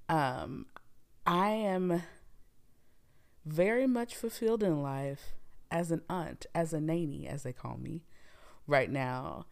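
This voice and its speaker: Woman, 30s, low voice, podcast host, candid and rambling monologue with lots of fillers. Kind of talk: casual solo podcast monologue.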